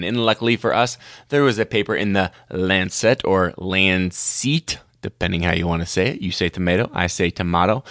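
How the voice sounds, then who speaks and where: A man in middle age delivers a medical lecture with a showman's flair, leaning into theatrical asides and mock drama. His voice sits at an ordinary pitch, and the recording is dry and close, with no room sound around it. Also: a bit bright, no room sound. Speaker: medical educator.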